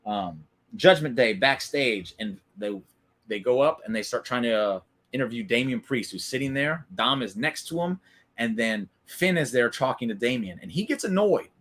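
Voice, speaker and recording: A man's voice: medium pitch, animated, normal speed, a bit bright. Opinionated man, chatty live recap host. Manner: opinionated, chatty, answers chat viewers by name. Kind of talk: casual live-stream commentary.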